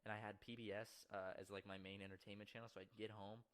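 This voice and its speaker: A man's voice: lowish voice, flat delivery, quick pace, a bit bright. A young man co-hosting a casual podcast, joking around in restless banter. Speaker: podcast co-host.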